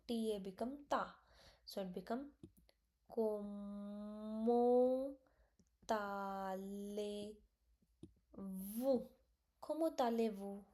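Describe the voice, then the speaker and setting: Slow, mellow-voiced woman teaching French. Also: mid-range voice. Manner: slow, repeats each word, mixes in Punjabi and Hindi. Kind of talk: online language lesson.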